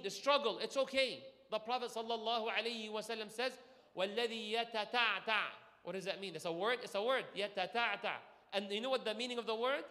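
A man giving an energetic sermon to a live audience, asking the crowd questions and waiting for their answers. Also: high voice. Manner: energetic, asks audience questions, call-and-response. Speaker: imam. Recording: echoey hall.

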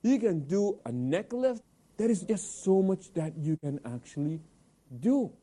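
A man hosts a religious talk program, his voice fairly high in pitch yet very dark and mellow in tone. He talks animatedly, asks questions and answers them himself. Arabic religious phrases come up now and then. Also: sing-song, a little slow. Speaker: host of Islamic talk program.

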